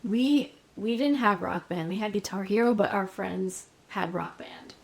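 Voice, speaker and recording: A woman's voice: mid-range voice, a little slow, gravelly. Young woman, podcast co-host, easygoing, laughs often, casual chat.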